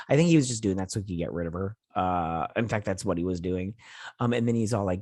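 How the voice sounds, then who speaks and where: A man's voice: lowish voice, fast, darkish tone, husky, no echo, clean studio sound. A man hosting a casual TV review, rambling through a retelling full of fillers, quoted lines and mild cursing. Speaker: host of a TV review channel. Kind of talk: casual episode recap and review.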